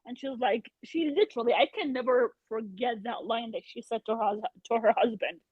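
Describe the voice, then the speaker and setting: A woman's voice: fairly high pitch, moderate pace, hardly any pauses, breathy edge, no room sound. A woman guest telling a story in a casual podcast chat, animatedly acting out what people said. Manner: animated retelling, acts out quotes. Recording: tinny phone-like remote call.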